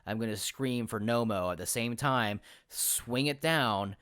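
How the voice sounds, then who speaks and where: A man hosting a casual podcast chat as a game master, telling stories in an animated way, acting out other people's lines and swearing freely. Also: medium pitch, unhurried, clean tone, no room sound, studio quality. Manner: animated storyteller who acts out quotes and swears freely.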